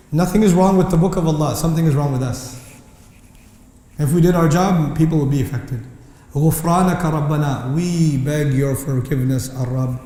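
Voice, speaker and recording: A man giving an impassioned lecture on Quran verses, mixing English with Arabic recitation and rising to near shouting. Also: fairly high pitch. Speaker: Islamic lecturer. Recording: echoey hall reverb.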